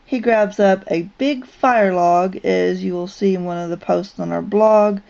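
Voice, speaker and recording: A woman's voice: medium pitch, steady tone, measured pace, vocal fry, darkish tone. A woman vlogger telling a personal story in a casual, rambling way, with frequent ums and restarts. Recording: dull lo-fi recording.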